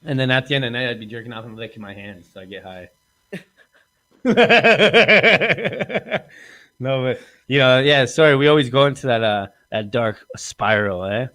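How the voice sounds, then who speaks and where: A man hosting a casual comedy podcast, rambling and crude, acting out quotes in lively voices. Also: mid-range voice, normal speed. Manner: rambling, profane, acts out quotes in animated voices. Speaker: podcast host.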